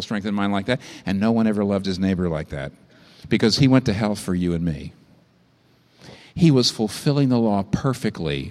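Man preaching, lively swooping pitch, impassioned, long hall reverb. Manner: impassioned, rising to high emphatic peaks then dropping low. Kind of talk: sermon.

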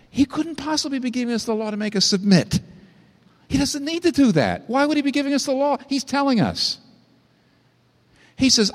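A man preaching a sermon, impassioned, climbing to high emphatic peaks and then dropping low. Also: fairly bright tone, long reverb tail.

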